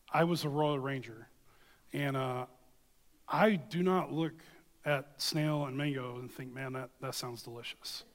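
A man delivers a sermon with earnest emphasis, moving between scripture reading and storytelling. His voice sits a little high for a man. The sound carries a long reverb, as if from a church sanctuary. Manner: earnest, emphatic, addresses listeners with "okay?". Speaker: preacher.

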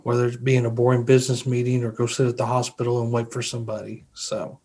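A man's voice: mid-range voice, monotone, fast, darkish tone, slight background noise. A man in a casual podcast chat, easygoing and plain-spoken.

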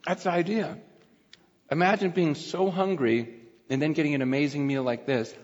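A man's voice: fairly high pitch, steady tone, moderate pace. A middle-aged man preaching a casual sermon over a meal, chatty and laughing, at times talking with his mouth full. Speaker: pastor. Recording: dull sound with long hall reverb.

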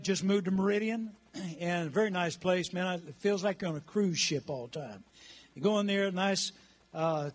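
A man in his sixties preaching a rousing sermon in church and calling on the congregation to answer back. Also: high voice. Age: 60s. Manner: rousing, calls the congregation to respond. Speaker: pastor.

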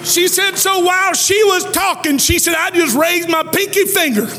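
A male pastor preaches in a big camp meeting hall, his voice sitting very high as he shouts and half-sings the big lines. Between peaks he drops low for storytelling. Long reverb trails every phrase while soft music plays underneath. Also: moderate pace, a crowd in the background. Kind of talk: shouted Pentecostal sermon.

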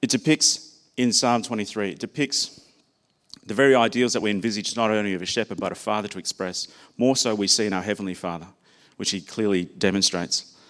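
Man preaching a sermon, low voice. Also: fairly quick, a bit bright. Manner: personal, conversational preaching with anecdotes.

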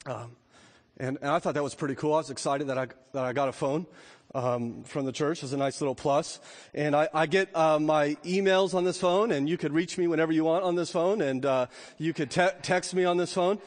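High-voiced male pastor preaching in a reverberant hall. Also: fairly even intonation, brisk. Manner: rising to emphatic peaks, then dropping to quiet asides. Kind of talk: sermon. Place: church sanctuary. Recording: long reverb of a church hall.

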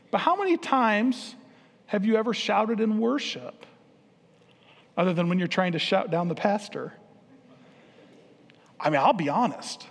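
A pastor delivers a sermon, teasing and questioning his congregation as he goes. His voice sits high for a man. The long reverb of a church hall hangs behind every phrase. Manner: playful, engaging the congregation with questions. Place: church sanctuary.

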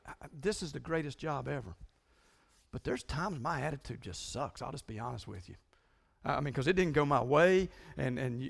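A middle-aged man preaching a sermon to his congregation as their pastor, earnest and confessional, urging a quiet crowd to wake up. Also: on the high side. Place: church sanctuary.

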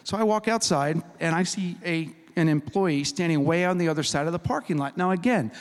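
A man preaching a sermon as a humorous, animated storyteller who acts out the people in his story. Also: fairly high pitch, brisk. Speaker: pastor. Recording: reverberant hall recording.

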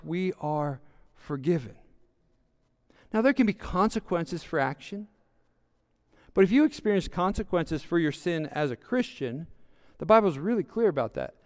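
A man's voice: a little high, smooth. A male pastor preaching a sermon, repeating words for emphasis and reading scripture aloud.

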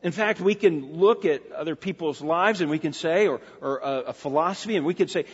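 A man's voice: fairly high pitch, brisk, hardly any pauses, slightly rough. A middle-aged man preaching a sermon as a pastor, earnest and emphatic, asking his listeners rhetorical questions. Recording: dull lo-fi recording in a reverberant hall.

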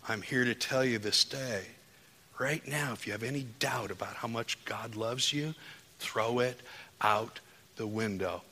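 A man's voice: mid-range voice, unhurried, bright, forceful tone. A man preaching a sermon, telling his own story and building to fervent, insistent appeals. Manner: testimony building to impassioned, rising preaching. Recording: hall with long reverb.

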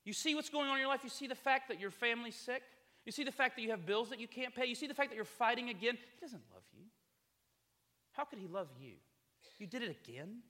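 A man's voice: high-pitched, huge pitch swings, normal speed, long pauses, fairly bright tone, breathy edge, voice pushed up, heavily acted. A man voicing a sly male serpent who needles with accusing questions, heard in a reverberant hall. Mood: scornful.

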